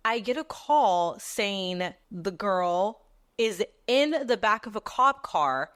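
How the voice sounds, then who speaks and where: A woman in her twenties hosting a podcast, telling personal stories in a candid, profane, animated way. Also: medium pitch, slow. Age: 20s. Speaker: podcast host. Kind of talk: casual storytelling monologue.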